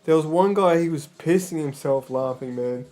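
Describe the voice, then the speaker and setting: A man's voice: on the high side, normal speed, a little mellow. A man livestreaming in casual chat, rambling and swearing, often stammering and restarting his sentences.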